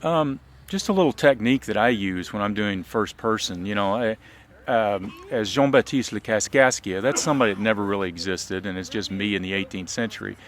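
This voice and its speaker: A man's voice: fairly low pitch, brisk, a little hiss or hum. A man from Southern Illinois, a reenactor, talking casually in an interview outdoors with frequent ums. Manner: relaxed, frequent um and uh, restarts. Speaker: reenactor and biology teacher.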